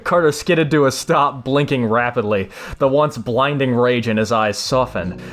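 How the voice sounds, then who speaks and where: A young man runs a podcast game, reading a comic showdown in a steady voice. Now and then he breaks off to talk directly to the other players. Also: medium pitch, normal speed. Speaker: podcast co-host. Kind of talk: reading comedic AI story as game runner.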